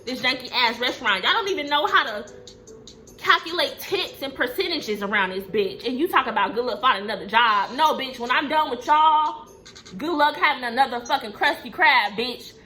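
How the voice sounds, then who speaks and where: A young woman telling a casual storytime, profane, emphatic and animated. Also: a little high.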